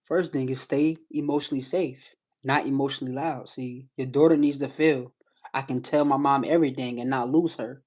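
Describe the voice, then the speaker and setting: A man's voice: medium pitch, steady tone, moderate pace, darkish tone. A man hosting a live stream, coaching callers with emphatic, repetitive advice and frequent "you know what I'm saying.". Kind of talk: casual coaching talk to callers.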